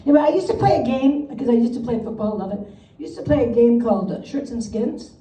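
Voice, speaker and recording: A woman's voice: on the high side, expressive, fast talker, mellow. A woman in her seventies from Wisconsin performing a self-mocking stand-up set with punchy delivery and frequent laughs. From Wisconsin, USA. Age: 70s. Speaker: stand-up comedian. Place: comedy club stage with live audience. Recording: roomy club sound from a distance, crowd audible.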